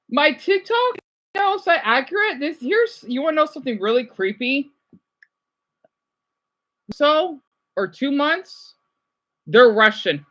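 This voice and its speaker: A man's voice: very high-pitched, sing-song, unhurried, pauses often, sharp tone, poor audio. A young man reading viewers' chat comments aloud and answering them on a casual livestream. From United States.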